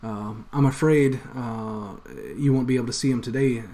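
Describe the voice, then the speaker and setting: A man's voice: medium pitch, fairly even intonation, moderate pace, warm tone. Rambling male game master. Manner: rambling, many fillers and hedges. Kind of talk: narrating a tabletop game.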